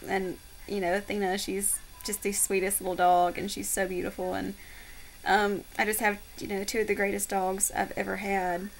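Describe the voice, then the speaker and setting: Gravelly soft-spoken woman vlogger. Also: medium pitch, flat delivery, slight background noise, poor audio. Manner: soft-spoken, halting with many fillers. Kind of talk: casual heartfelt talk to camera.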